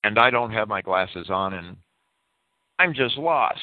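There's no room sound as a low-voiced man, measured in pace yet lively in intonation, hosts live talk radio from a private home. He reads definitions with earnest care and expounds on them, all through tinny phone-line audio.

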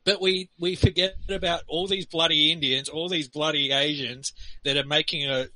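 Bright-voiced Australian man chatting. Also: a little high, steady tone, normal speed, no room sound, low-quality recording. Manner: rambling, loose, laughs between points. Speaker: forum participant. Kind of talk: casual group discussion.

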